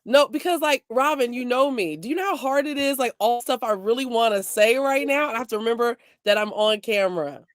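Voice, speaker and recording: Teasing woman host, high voice. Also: lively intonation, fairly quick, few pauses, dry recording. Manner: teasing, joking, breaks into laughter. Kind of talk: playful chat with guests.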